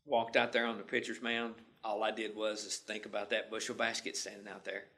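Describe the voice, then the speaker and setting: Folksy man with a bright voice. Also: fairly low pitch, little pitch movement, a little fast. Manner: folksy, homespun phrasing. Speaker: instructor. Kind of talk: storytelling lecture.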